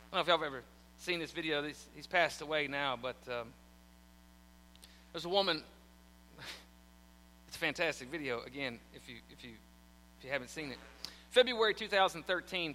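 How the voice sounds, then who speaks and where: High bright-voiced preacher in a reverberant hall. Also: male voice, moderate pace, pauses often. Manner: animated storytelling, acting out quotes. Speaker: pastor. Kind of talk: sermon. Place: church.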